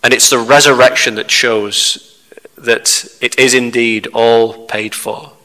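Bright-voiced man preaching in a hall. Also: medium pitch, steady tone. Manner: measured, asks the listeners rhetorical questions. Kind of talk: sermon. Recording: reverberant hall.

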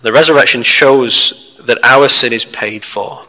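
A man preaching a sermon, measured and steady, putting questions to the listeners. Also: mid-range voice. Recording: reverberant hall.

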